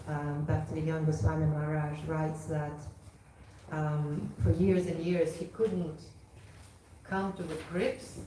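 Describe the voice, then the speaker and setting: Relaxed female devotional storyteller, warm tone, roomy distant hall sound. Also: deep voice, slight background noise. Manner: casual, lots of "you know". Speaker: storyteller at a temple gathering. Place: temple hall. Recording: echoey hall from far off.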